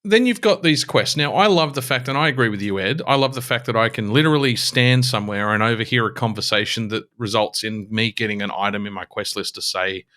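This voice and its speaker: A man's voice: fairly low pitch, fairly quick, hardly any pauses, bright, forceful tone. An Australian man co-hosting a casual podcast chat, telling stories with lots of animation and acting out the game characters, swearing freely. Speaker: podcast co-host.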